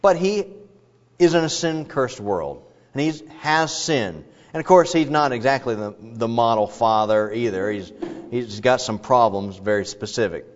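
A male preacher working through scripture in a relaxed, conversational way, wandering into asides before returning to his point. His voice sits at a middling pitch. The recording sounds dull and lo-fi. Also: measured pace. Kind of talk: expository sermon.

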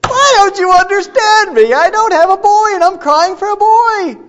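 A man doing a sobbing, desperate woman begging for a child, pushed up very high in a thin, wailing voice. The sound is dull and lo-fi, as a preacher acts her out in a sermon. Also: steady tone, measured pace, a little hiss or hum. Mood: distraught. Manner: high, strained wailing pleas. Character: weeping woman pleading for a son. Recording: dull lo-fi recording.

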